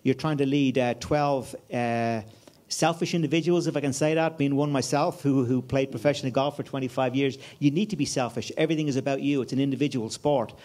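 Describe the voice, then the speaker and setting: An Irish man in his fifties speaks as a guest at a conference. He tells stories in a loose, chatty way, full of fillers and restarts, with a voice of middling pitch. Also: fairly even intonation, fairly quick, darkish tone. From Ireland. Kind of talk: anecdotal conference chat. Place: conference room before an audience.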